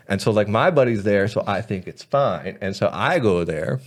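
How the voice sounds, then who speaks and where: A man's voice: fairly low pitch, moderate pace. A man in his thirties, a podcast guest, telling wild stories in a casual, profane way, with lots of "like". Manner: animated, profane, says "like" a lot. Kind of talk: casual storytelling chat.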